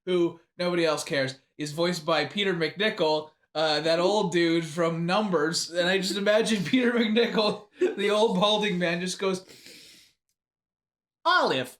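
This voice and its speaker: A man's voice: sits high, steady tone, normal speed, hardly any pauses, fairly bright tone. A man co-hosting a casual movie review chat, sarcastic and swearing often, laughing mid-sentence. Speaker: podcast co-host.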